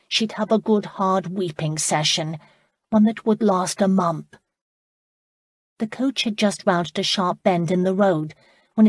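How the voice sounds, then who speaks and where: A woman narrating an audiobook in a measured, expressive reading on a close studio mic. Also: on the low side, no echo. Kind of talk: scripted narration.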